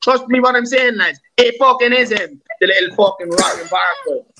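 Man, high-pitched, bright tense voice, abusive live-stream rant, heavy swearing. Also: fairly even intonation, moderate pace, a little hiss or hum, low-quality recording. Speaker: live-stream panel host.

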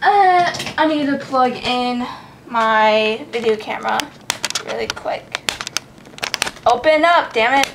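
A woman's voice: fairly high pitch, slow, pauses often, noisy background. A young woman chatting casually as a vlogger, giggly, sounding out names and swearing freely. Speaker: card collection vlogger. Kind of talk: casual chat.

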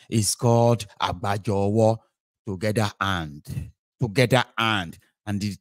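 Nigerian guy doing live politics commentary, lowish voice, switches into pidgin and yoruba, mocking, dead dry room. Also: no room sound. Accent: Nigerian, Yoruba-inflected. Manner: animated, mixes English, Pidgin and Yoruba, mocking asides. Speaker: political talk host.

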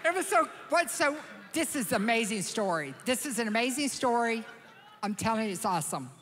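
High bright woman, lively stage storyteller in big echoey hall. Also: brisk. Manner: animated, acts out quoted voices. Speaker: conference speaker. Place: large church auditorium. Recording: reverberant hall sound.

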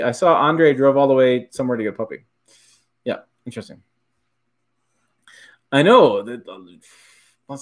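A middle-aged man from Michigan hosting a casual livestream, rambling and correcting himself as he answers viewers' questions. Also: mid-range voice. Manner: rambling, self-correcting, chuckles often. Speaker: livestream host.

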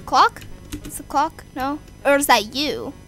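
A young woman commenting on a horror game, easily scared, swearing, shouting and joking at the screen. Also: high-pitched, measured pace, faint music behind. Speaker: gamer.

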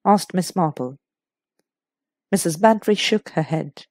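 A woman reading a story aloud as an audiobook narrator, in a calm, even narrating voice. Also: low-pitched, a little slow, no echo, clean studio sound. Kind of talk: scripted narration.

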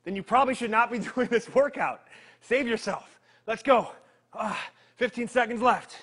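A man leading a live workout, energetic and joking, counting down reps while he strains through the exercises himself. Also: extremely high pitch, normal speed, breathy edge. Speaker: fitness trainer.

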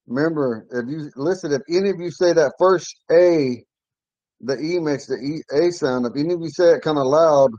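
A man teaching an online language class from his home, patiently repeating words slowly for learners. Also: medium pitch, dark tone, dry recording, dull audio.

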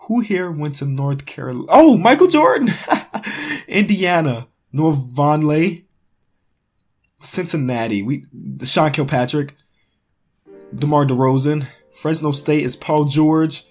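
A sports YouTuber from the Chicago area gives casual running commentary on a sports quiz, excitably talking to himself and crying out in frustration. His voice is a little high at a measured pace, with faint music behind.

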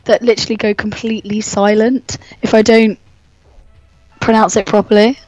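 A woman co-hosting a comedy podcast with a hoarse, gruff voice, crude and giggly, pronouncing every word with care. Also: mid-range voice, little pitch movement, moderate pace, darkish tone, no room sound, muffled recording, faint music behind. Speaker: podcast co-host. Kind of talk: casual chat and mock-sultry reading.

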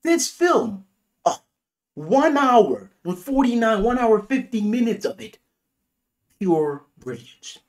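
Excitable male reviewer, raving and cursing, with a very animated pitch. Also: unhurried. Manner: gushing, profane, exclamatory. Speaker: movie reviewer. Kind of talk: excited movie rant.

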